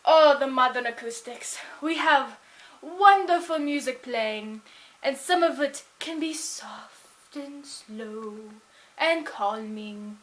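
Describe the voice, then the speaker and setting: A woman putting on the voice of a rambling game show promoter in an improvised character monologue, with a slow, drawn-out, effusive delivery. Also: high voice, lively intonation, fairly bright tone.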